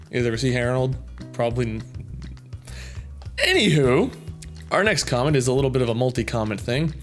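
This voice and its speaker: A man reading viewer comments aloud in casual chat, goofy and prone to loud silly outbursts, with a slightly sore throat. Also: mid-range voice, sing-song, a little fast, long pauses, faint music behind.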